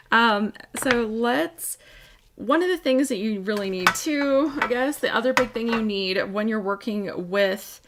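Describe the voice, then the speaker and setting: Chatty woman with a bright, gravelly voice. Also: medium pitch, a little hiss or hum. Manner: chatty, thinks aloud, talks to viewers by name. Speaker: host of a scrapbooking livestream. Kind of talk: casual live crafting demonstration. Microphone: desk microphone.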